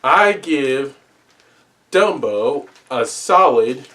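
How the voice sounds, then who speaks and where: A man talking through a movie review in an unhurried, deliberate way, with a middle-range pitch. He speaks earnestly and casually, stopping to repeat himself and restart phrases as he goes. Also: expressive, bright, forceful tone. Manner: earnest, repeats and restarts words, pleading asides.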